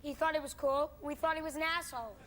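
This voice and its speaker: A woman's voice: high-pitched, steady tone, fast talker, over a noisy crowd, lightly acted. An actress playing a sarcastic, cutting female guest on a TV comedy chat show. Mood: mocking. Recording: distant voice over loud audience noise.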